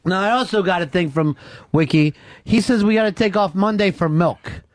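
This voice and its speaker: A man's voice: sits high, normal speed, no echo, studio quality. A man hosting a radio show in casual, profane, mocking talk. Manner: profane, mocking, puts on voices in quotes. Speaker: radio host.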